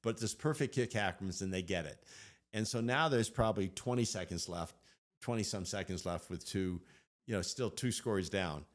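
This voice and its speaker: A middle-aged man co-hosting a faith podcast, telling stories in an animated, excited way. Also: sits low, normal speed. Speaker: podcast co-host. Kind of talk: casual storytelling chat.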